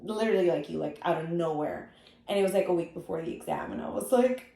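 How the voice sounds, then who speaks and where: A woman's voice: on the low side, fast talker, vocal fry, warm tone, reverberant. A woman co-hosting a podcast in casual chat, telling a story animatedly and acting out quotes. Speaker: podcast co-host.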